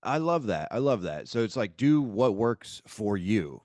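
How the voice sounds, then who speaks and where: A man's voice: lowish voice, big pitch swings, measured pace, a little mellow, no echo, clean studio sound. A man hosting a podcast, asking questions in a friendly, affirming way with some hesitation. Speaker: podcast host. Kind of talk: casual interview talk.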